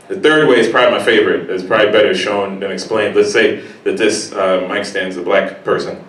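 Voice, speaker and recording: A man doing a stand-up set in a comedy club, talking casually and acting out people in sudden high squeals. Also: quick pace, noisy background. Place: comedy club stage before a laughing crowd. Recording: roomy live club sound from a distance.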